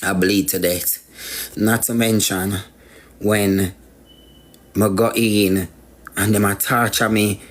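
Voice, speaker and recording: A man's voice: on the low side, steady tone, slow pace, long pauses. A man with a Jamaican accent tells a personal story as a guest, repeating phrases for emphasis. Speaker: guest sharing life story.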